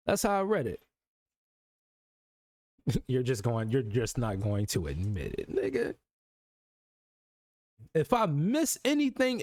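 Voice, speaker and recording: A man streaming live talks in with a lively, swooping pitch. He teases and curses freely. His raised voice sits over a dry, close mic. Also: dry recording. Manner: animated, teasing, swears a lot, mocking quoted voices. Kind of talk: casual livestream banter.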